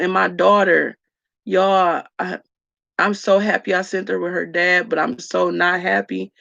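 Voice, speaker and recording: Woman vlogger, gravelly, venting to her live chat; dull dry lo-fi sound. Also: on the low side, a bit bright, no room sound. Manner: raw, emotional, addresses viewers as y'all. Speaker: vlogger talking to live viewers. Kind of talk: candid story-time livestream chat.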